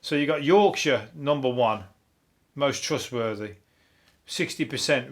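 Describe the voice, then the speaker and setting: A man from Birmingham with a Brummie accent, hosting a solo comedy podcast, riffing on the news in a deadpan, sweary, rambling way. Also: mid-range voice, unhurried. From Birmingham, England.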